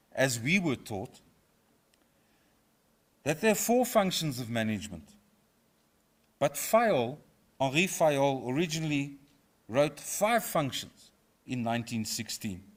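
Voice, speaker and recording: A middle-aged professor from South Africa, giving a formal inaugural lecture in a measured, reflective way with a touch of humour. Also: male voice, medium pitch. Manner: measured, reflective, lightly humorous. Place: university auditorium.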